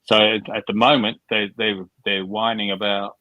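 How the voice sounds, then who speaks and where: A man's voice: lowish voice, little pitch movement, moderate pace, no room sound, lo-fi sound. Blunt older man swearing casually. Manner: blunt, swears freely, repeats words. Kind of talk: casual livestream chat.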